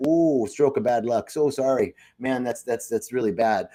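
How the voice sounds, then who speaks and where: A man's voice: mid-range voice, normal speed, warm tone, lightly acted. A man voicing a nosy, chatty male neighbor in a told story, gushing about luck. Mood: gossipy.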